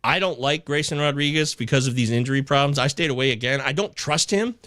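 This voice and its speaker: A man hosting a live fantasy baseball chat show, reading viewer comments aloud with excitable, casually profane banter. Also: medium pitch, fast talker, no echo, studio quality. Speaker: fantasy baseball podcast host.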